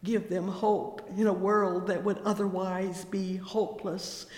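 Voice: medium pitch, level tone, measured pace, darkish tone. A preacher delivering a fervent, exclamatory sermon, breaking in again and again with cries of praise. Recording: echoey hall with long reverb.

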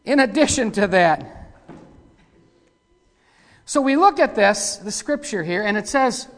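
A man preaching a sermon in a rough, folksy way, breaking into loud outbursts and sliding back to plain talk. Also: high voice, expressive, slow pace. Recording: echoey hall with long reverb.

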